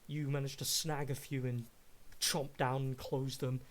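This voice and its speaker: A man narrating a tabletop game as game master, describing the action in slow, measured, vivid detail. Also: medium pitch, level tone.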